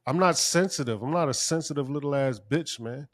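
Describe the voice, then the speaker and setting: A man's voice: a little high, brisk. A man co-hosting a podcast, talking casually and ranting profanely, his voice climbing when he gets worked up. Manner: profane, heated rant. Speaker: podcast co-host.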